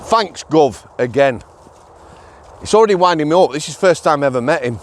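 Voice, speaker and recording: A man's voice: on the high side, animated, quick pace. A middle-aged man with a Yorkshire accent, a former prison officer telling stories in a casual, blunt vlog, often checking in with "yeah?". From Yorkshire, England. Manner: chatty, blunt, tag questions like "yeah?".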